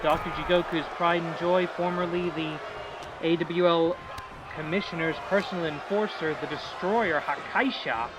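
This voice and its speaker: A man calling a wrestling match as play-by-play commentator, dramatic and hype-building, rising to shouts on big moves. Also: a little high, fairly even intonation, moderate pace, heavy background noise. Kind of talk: live-style wrestling commentary.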